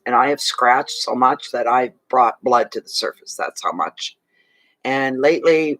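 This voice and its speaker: A man's voice: mid-range voice, sharp tone, no room sound, rough recording. A man giving a casual monthly tarot reading to his viewers, chatty and rambling, with many asides and restarts, tired and yawning. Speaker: tarot reader.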